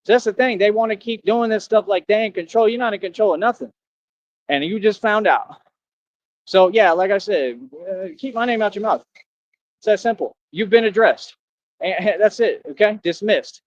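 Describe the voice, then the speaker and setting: A man with a high voice rants on a livestream, boastful and confrontational, leaning on street slang. The recording is dull and lo-fi. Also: normal speed, dry recording. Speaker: livestream streamer. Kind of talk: ranting live stream. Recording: dull lo-fi sound.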